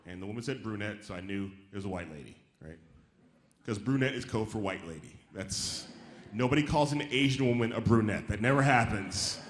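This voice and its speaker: A man performing a stand-up comedy set on stage, animated and acting out the voices of the people in his stories. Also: lowish voice, brisk, reverberant. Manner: animated, acts out quoted voices. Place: theater stage before a live audience.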